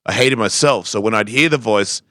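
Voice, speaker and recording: A man's voice: fairly low pitch, a little fast, bright, forceful tone, no room sound, studio quality. A man telling a personal story on a talk show, acting out the voices he quotes. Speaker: guest skateboarder. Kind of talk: casual storytelling.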